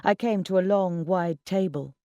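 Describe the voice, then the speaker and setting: A man's voice: high-pitched, moderate pace, dark tone, no room sound, lo-fi sound. A man reading a first-person novel aloud in a wry, conversational storytelling manner. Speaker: audiobook reader. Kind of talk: first-person literary narration.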